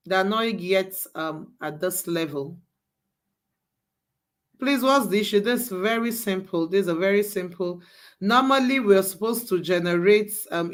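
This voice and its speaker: A woman leading a live class, walking students through each step and repeating herself to coax them along. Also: fairly low pitch. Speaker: bootcamp instructor.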